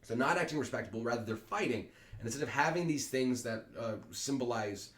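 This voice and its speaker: A man's voice: mid-range voice, lively intonation, a little fast, fairly bright tone. A man teaching Shakespeare in a casual lesson, explaining plainly with fillers and paraphrasing each line. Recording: echoey room.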